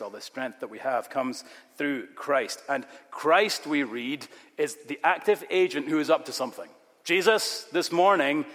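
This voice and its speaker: A male pastor preaching a sermon, emphatic, with sudden loud rises on key words. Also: medium pitch. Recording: long reverb of a large hall.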